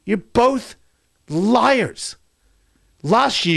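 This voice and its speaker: A man doing a profane stand-up rant, swinging between loud outbursts and quiet asides. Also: high voice, expressive, moderate pace. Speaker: comedian.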